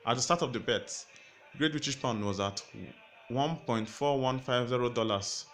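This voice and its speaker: A man's voice: medium pitch, normal speed, a bit bright. A man teaching forex trading through a casual story, sometimes stumbling over numbers. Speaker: forex educator. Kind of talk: storytelling explainer lesson. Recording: music playing underneath.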